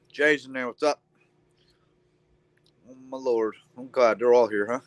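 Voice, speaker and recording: A man's voice: medium pitch, measured pace, no room sound, rough recording. A young man hosting a casual trucker chat room, talking in a laid-back way with lots of ums and casual swearing.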